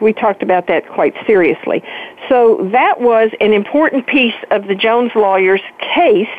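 An older woman, a guest author, telling her story with animated emphasis in a phone-in interview. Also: a little high. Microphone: telephone. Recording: tinny phone line.

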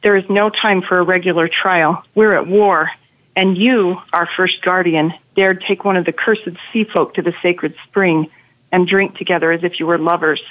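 A woman's voice: lowish voice, fairly even intonation, moderate pace, close to an everyday voice. A woman reading the lines of an angry male priest in her novel, stern and accusing, over a phone line.

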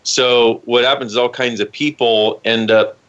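Male talk radio co-host, jokey and playful, bright, forceful voice. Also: mid-range voice, fairly even intonation, highs cut off. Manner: playful and jokey, quick asides. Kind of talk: casual talk radio chat.

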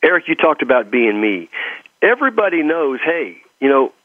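A man's voice: fairly high pitch, sing-song, normal speed, dry recording. A man with a Texas accent, a guest giving earnest motivational talk, repeating phrases for emphasis. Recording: phone-like narrow sound.

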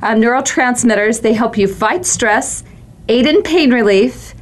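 A woman's voice: fairly high pitch, unhurried. A middle-aged woman hosting a talk show, chatting conversationally with her guest. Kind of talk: casual chat.

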